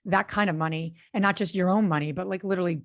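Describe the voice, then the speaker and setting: An earnest woman co-hosting a podcast, talking through a story in a loose, conversational way. Her voice has a gravelly fry, and she often pauses with fillers and restarts her sentences. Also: on the low side. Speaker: podcast co-host and real estate investor.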